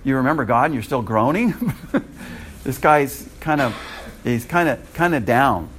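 A man teaching a Bible class, joking with the room and jumping into higher voices when he quotes people. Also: normal speed, a little hiss or hum. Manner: animated and joking, rises high when quoting people.

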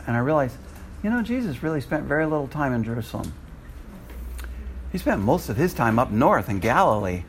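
A man of ordinary pitch tells a testimony to a class, springing into high, excited tones whenever he acts out what he said. He laughs often through the story and settles lower and quieter as it ends. A faint hum of the room sits behind him. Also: moderate pace, long pauses. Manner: animated, acts out his own lines with sudden high leaps in pitch and laughter. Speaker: Bible college lecturer and missionary.

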